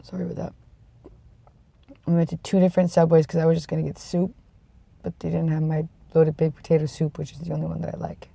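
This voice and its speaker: A sick vlogger talks casually to the camera, sniffly, congested and yawning through a rambling, self-deprecating chat. The voice is gravelly with a dark, mellow tone, recorded close and dry. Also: completely flat delivery, quick pace, no echo. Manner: rambling, self-deprecating, trails off into low mumbles. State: tired and yawning.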